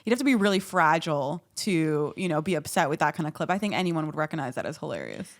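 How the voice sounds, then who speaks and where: A woman's voice: low voice, very animated. A woman hosting an interview podcast, chatting casually and agreeably with her guest. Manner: agreeable, chatty, backs up guest with quick reactions. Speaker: podcast host.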